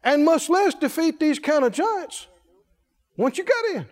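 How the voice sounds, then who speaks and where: A man preaching a sermon, asking the congregation question after question in a folksy, animated way. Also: very high voice, unhurried. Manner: folksy, laughs between points. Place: church. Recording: echoey hall reverb.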